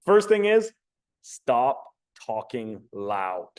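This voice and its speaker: A man's voice: medium pitch, drawn-out words, smooth. A young adult man giving a casual motivational talk as a communication coach, swearing freely and acting out quotes. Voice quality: swearing, animated storytelling with acted-out quotes.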